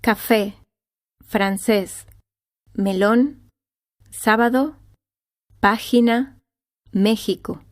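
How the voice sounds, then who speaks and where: A woman's voice: mid-range voice, slow pace, long pauses, no room sound, studio quality. Woman carefully enunciating example words. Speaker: pronunciation model. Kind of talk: reading example words aloud.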